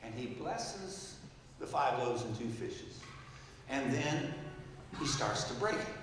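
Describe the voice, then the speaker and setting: A man in his seventies preaching a storytelling sermon, swinging from loud exclaiming to hushed quoted words. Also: mid-range voice, lively intonation, slow, slight background noise. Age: 70s. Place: large church hall. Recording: echoey hall, mic from far off.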